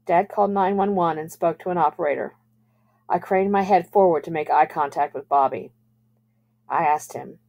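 Brief: female teacher narrating a novel, calm, measured, lower pitch. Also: gravelly. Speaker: teacher reading aloud. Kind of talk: reading a novel aloud.

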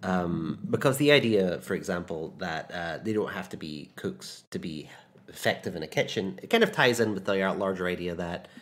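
A podcast co-host in a casual film discussion, speaking in a measured way and often chiming in with short agreements. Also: deep voice, lively intonation.

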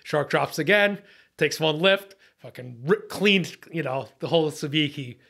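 With a slightly high voice, vocal fry and a measured pace, a middle-aged man guesting on a podcast recounts a fishing trip. He speaks like a boat captain, curses freely and acts out his own lines, his animated, casual telling tense and excited and punctuated by laughter.

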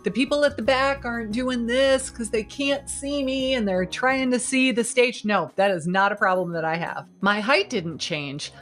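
Woman, 50s, marketing coach, motivational talk to camera, energetic, emphatic, faint background music. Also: a little high, normal speed, few pauses.

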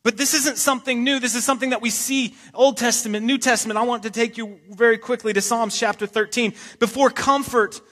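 A man's voice: very high-pitched, fairly even intonation, a little fast, few pauses, fairly bright tone, big-room sound. A man preaching a sermon, talking in a casual way with joking asides and reading scripture with emphasis. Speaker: pastor. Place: church sanctuary.

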